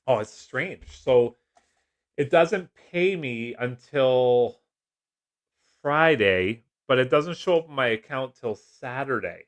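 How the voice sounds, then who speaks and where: Middle-aged man, chatty livestream host, jokey, quick laughs. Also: medium pitch, fairly bright tone. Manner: chatty, jokey, laughs often, reads comments aloud. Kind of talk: casual live-stream chat.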